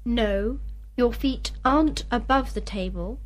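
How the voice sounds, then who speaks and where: A woman's voice: fairly high pitch, a little slow. A woman student answering a teacher's drill questions in careful full sentences.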